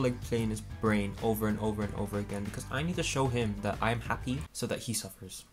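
A man's voice: fairly low pitch, fast, few pauses, faint music behind. A man playing a story game, reading the characters' lines aloud in a playful, dramatic way and adding his own comments. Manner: playful, dramatic, swings between character voices and asides. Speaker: gaming YouTuber.

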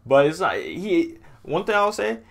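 A young man hosting a music reaction video, chatting casually and excitedly, often repeating himself as he talks over what he hears. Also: unhurried, creaky. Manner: chatty and excitable, repeats himself, drops deep for a mocking impression.

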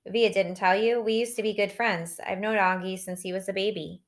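A woman's voice: mid-range voice, fairly even intonation, a little fast, natural voice. A woman reading an audiobook, voicing a casual, matter-of-fact teenage cheerleader. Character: teenage girl, cool pink-haired cheerleader, knowing.

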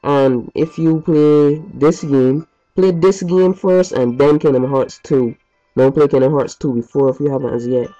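A man's voice: on the high side, fairly even intonation, unhurried, warm tone. A man giving rambling, chatty gameplay commentary as a let's play host from his home basement, with mild swearing. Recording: muffled lo-fi recording over game music.

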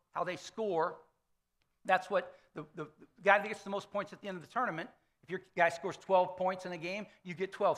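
A man in his fifties preaches in a loose, conversational style, often tossing "okay?" to the room. His voice sits high for a man and rings bright and forceful. He sounds like a pastor talking to his congregation in a church. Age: 50s. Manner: conversational storytelling sermon, frequent "okay?" check-ins. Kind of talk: sermon. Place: church sanctuary.

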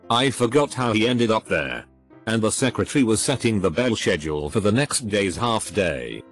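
Low-voiced man reading stories aloud. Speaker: narrator. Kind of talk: reading online posts aloud. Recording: faint background music.

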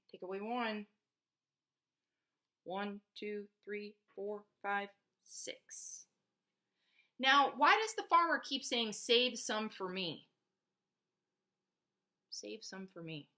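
A woman's voice: medium pitch, bright, forceful tone. A woman, a preschool teacher, reading a picture book aloud to children, counting along and asking them questions. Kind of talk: read-aloud storytelling for children.

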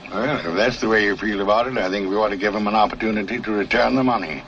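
An actor playing a stern, measured grandfather in a 1950s film comedy. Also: fairly low pitch, a bit bright, dull audio, slight background noise. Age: older. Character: stern grandfather, older man.

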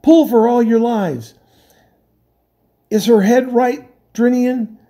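A man's voice: very high voice, takes it slowly, warm tone, voice pushed up. A man voicing a young king commanding his ship's crew, in a storybook reading. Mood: urgent. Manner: urgent, commanding. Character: young male king, commanding ship captain.

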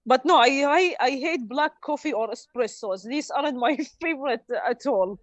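High-voiced hesitant woman co-hosting. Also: animated, dry recording. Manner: hesitant, many "uh" pauses, laughs often. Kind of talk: casual livestream chat.

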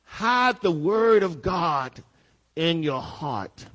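A pastor leads a Bible study in a high, light voice. He talks slowly and emphatically, circling back to repeat his lines. Now and then he builds up to a shout. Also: lively intonation. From Southern United States. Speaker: pastor teaching a Bible class. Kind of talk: preaching Bible study lesson.

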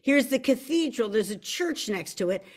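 This is casual live-stream talk from an American woman hosting an online show, her fairly high voice expressive and her pace moderate. She leans on self-deprecating humor and keeps restarting her sentences.

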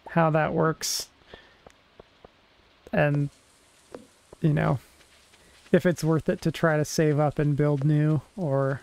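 A man's voice: on the high side, vocal fry, a little mellow, poor audio. A man co-hosting a gaming show, chatting casually and rambling with fillers while he plays. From Oregon, USA. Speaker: co-host and gamer. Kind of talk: casual chat while playing.

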